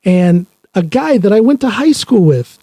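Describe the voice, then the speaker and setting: A middle-aged man, a podcast host, talking earnestly in a casual conversation, often halting with fillers. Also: sits high, sing-song, dark tone, dry recording. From rural Ohio, United States.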